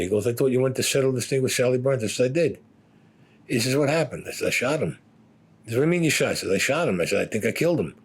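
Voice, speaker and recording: An older man telling his own story bluntly, swearing freely and acting out what others said. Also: fairly low pitch. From Brooklyn, New York. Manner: blunt, profane, acts out other people's lines. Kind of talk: first-person storytelling.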